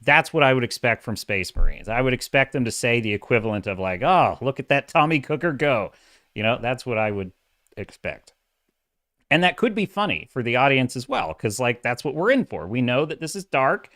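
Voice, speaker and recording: Male livestream host, middle-aged, dramatic and lively delivery, dry close-miked sound. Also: mid-range voice, a little fast, dry recording. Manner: animated, self-described dramatic, reads chat comments. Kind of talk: casual livestream commentary.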